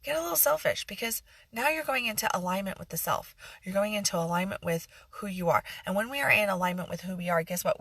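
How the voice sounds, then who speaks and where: A woman's voice: mid-range voice, a bit bright, no echo. A middle-aged woman coach giving a passionate motivational talk on a phone livestream, repeating phrases for emphasis and slipping into sarcasm. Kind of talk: live-streamed motivational talk.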